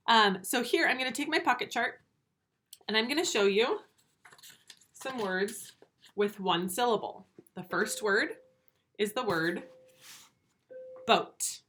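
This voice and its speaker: A woman teaching first graders in a recorded video lesson, speaking slowly and clearly, stretching words out and asking patient, encouraging questions. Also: on the high side, pushed and bright, slight background noise. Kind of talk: remote video lesson for young children.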